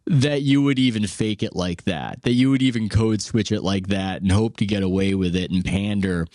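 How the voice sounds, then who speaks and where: A man's voice: on the low side, moderate pace, darkish tone, no room sound, clean studio sound. Wry, candid man hosting a podcast. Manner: candid, wry, musing, laughs easily. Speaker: podcast host. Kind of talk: casual podcast conversation.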